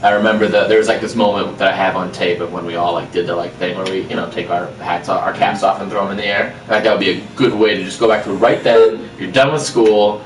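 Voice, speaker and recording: Low-voiced joking man. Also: steady tone. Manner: joking, quick interjections. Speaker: podcast co-host. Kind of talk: casual chat. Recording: roomy live stream, mic at a distance.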